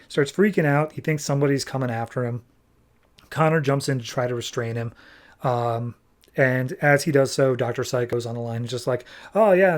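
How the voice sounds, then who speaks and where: A man hosting a comics podcast, recapping an issue in a casual, animated way and nitpicking its mistakes. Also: medium pitch. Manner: animated, exasperated nitpicking, quick paraphrased dialogue. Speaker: podcast host reviewing comics.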